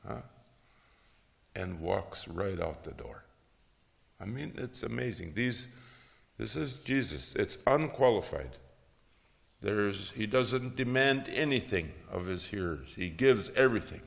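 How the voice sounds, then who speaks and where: A man teaching a class on preaching, with a gravelly, low-pitched voice. He talks slowly and tells stories in a lively way, tossing in "huh?" asides. His voice echoes with a long reverb through a hall. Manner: lively storytelling, frequent "huh?" tags and chuckles. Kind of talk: lecture on preaching with Bible stories.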